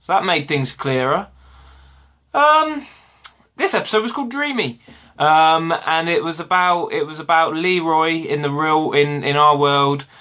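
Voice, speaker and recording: British man, bright clear voice, rambling casual vlog, lots of ums, home room. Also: medium pitch. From Britain. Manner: rambling, self-correcting, lots of ums and uhs. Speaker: vlogger. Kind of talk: casual episode review vlog. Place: home room with washing hung behind.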